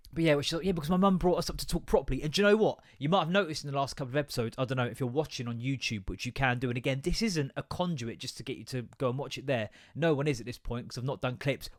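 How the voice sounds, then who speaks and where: A man's voice: a little high, dry recording, clean studio sound. A tired man, rambling through a self-mocking solo podcast. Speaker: podcast host. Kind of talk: casual solo podcast chat.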